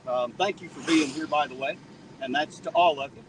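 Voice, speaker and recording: A man's voice: on the high side, lively intonation, a little fast, a bit bright. A man hosting a casual live stream outdoors at night, chatting and joking as he greets viewers by name. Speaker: livestream host reading viewer chat. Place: outdoors on a town street at night after rain. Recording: slightly distant mic, faint street noise.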